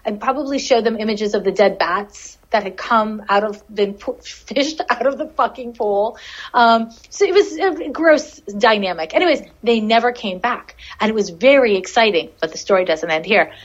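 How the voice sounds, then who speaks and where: A woman's voice: on the high side, normal speed. Laughing, rambling woman telling a story. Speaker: podcast guest, animal communicator. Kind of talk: casual storytelling. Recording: dull lo-fi audio.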